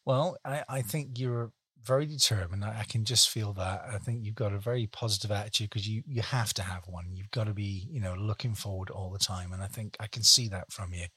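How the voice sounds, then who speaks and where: A man's voice: on the low side, a little fast, few pauses, bright, forceful tone, husky, no echo. A man hosting a conversational interview, chatty and full of leading questions.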